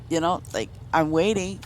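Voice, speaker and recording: A woman's voice: lowish voice, darkish tone, slight background noise. Rambling woman streamer telling stories. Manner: rambling, lots of "you know" and restarts. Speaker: game streamer. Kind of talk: casual storytelling chat.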